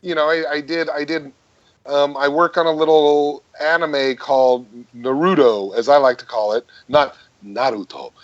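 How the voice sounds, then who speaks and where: A man in his fifties, a voice actor guesting on a podcast, telling stories animatedly and dropping into deep character voices. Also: steady tone, moderate pace, muffled recording. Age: 50s. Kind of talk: casual podcast interview.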